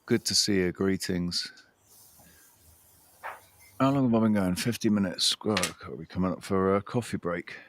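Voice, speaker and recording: A man's voice: low-pitched, moderate pace, long pauses. A man hosting a casual livestream, chatting and greeting viewers by name. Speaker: livestream host. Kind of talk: casual chat.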